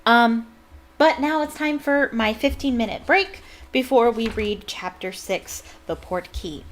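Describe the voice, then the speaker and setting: A woman's voice: a little high, measured pace. A woman reading a novel aloud on a livestream, with chatty, self-correcting asides to viewers. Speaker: livestream book reader. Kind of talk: reading aloud with casual chat.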